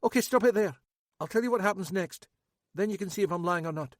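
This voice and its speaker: A man putting on a blunt, high-strung Scottish man. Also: fast talker, no echo, clean studio sound, natural voice. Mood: insistent. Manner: raised, eager, insistent, rattles off detail. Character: odd, blunt Scottish man with a sharp memory.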